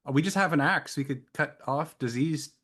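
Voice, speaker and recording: A man playing a tabletop game, joking in a deadpan way. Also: a little high, normal speed. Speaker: player. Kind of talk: casual play talk.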